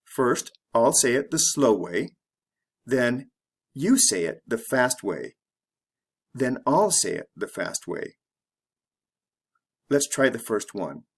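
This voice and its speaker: Slow, measured man teaching pronunciation. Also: mid-range voice, very animated, slightly rough. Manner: measured, deliberate, careful pronunciation drills. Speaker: English teacher. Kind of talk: slow scripted lesson narration.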